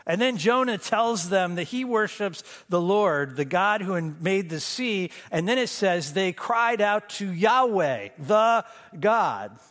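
A middle-aged pastor preaching a sermon in a conversational way, with self-deprecating humor, acting out the voices of the story. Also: male voice, high voice, expressive, slow, hardly any pauses, fairly bright tone. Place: church sanctuary. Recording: long hall reverb.

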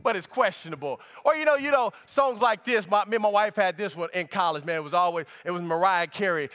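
A man preaching a sermon, joking playfully about love songs and then reading scripture slowly and deliberately. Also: high-pitched, animated, a bit bright. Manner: playful, jokey riffing on song lyrics. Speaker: pastor. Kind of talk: sermon with comedic opening. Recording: long hall reverb.

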